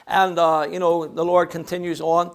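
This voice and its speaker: A man's voice: fairly high pitch, little pitch movement, normal speed. A man with a Northern Irish accent preaching a sermon, swinging between ringing proclamation and chatty, joking asides.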